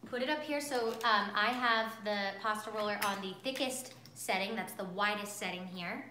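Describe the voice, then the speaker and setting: A woman's voice: mid-range voice, normal speed, sharp tone, echoey room, a little hiss or hum. A woman teaching a live cooking class from her kitchen, bubbly and chatty, talking straight to her viewers. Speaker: cooking instructor. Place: home kitchen.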